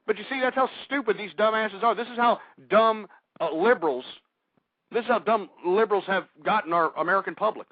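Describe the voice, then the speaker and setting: Abrasive high-voiced man ranting on radio. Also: a little fast, no room sound. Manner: abrasive, insulting, shouting at callers. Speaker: radio call-in host. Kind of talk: aggressive talk radio rant. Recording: dry, tinny phone-like audio.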